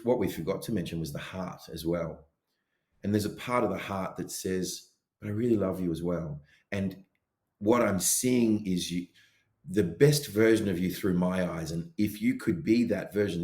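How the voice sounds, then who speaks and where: A man co-hosting a podcast in casual chat, animated as he acts out his inner voices. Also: low-pitched, moderate pace, roomy sound. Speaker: podcast co-host.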